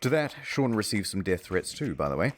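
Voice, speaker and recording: A man's voice: lowish voice, very animated, fairly quick, a little hiss or hum. A man giving dry, wry scripted comedic narration for an internet documentary, with sudden jokes. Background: background music.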